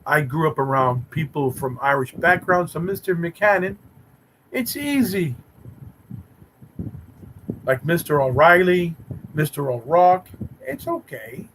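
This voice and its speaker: A man's voice: a little high, very animated, takes it slowly, long pauses, fairly bright tone, a little hiss or hum, low-quality recording. A man hosting a live stream, chatting with viewers in a teasing, mock-romantic way. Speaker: livestream host reading chat. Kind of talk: rambling playful live chat.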